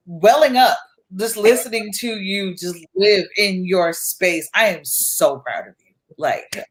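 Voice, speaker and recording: A supportive woman co-hosts a casual live stream and sounds close to tears with pride. Her voice sits at middling pitch, and she keeps cheering her friend on with short, excited interjections. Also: measured pace, rough recording. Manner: emotional, supportive, hype interjections.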